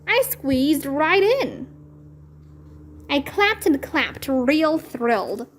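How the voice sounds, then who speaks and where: Slow, expressive woman reading a kids' book. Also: high voice, a little hiss or hum. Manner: expressive, deliberate storytelling. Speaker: read-aloud channel host. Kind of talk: children's book read-aloud narration.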